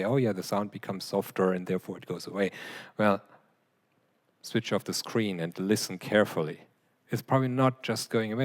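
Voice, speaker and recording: A man lecturing in a large hall, explaining points to an audience. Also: fairly low pitch. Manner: explanatory, demonstrating with his voice. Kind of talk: lecture Q&A answer. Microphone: handheld or clip mic, briefly removed.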